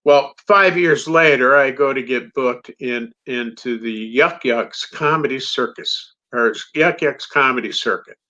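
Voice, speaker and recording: Bright-voiced man telling comedy stories. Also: medium pitch, unhurried, few pauses. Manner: animated anecdote teller, acts out quoted dialogue. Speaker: comedian guest. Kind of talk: storytelling in a podcast interview. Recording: dull lo-fi sound.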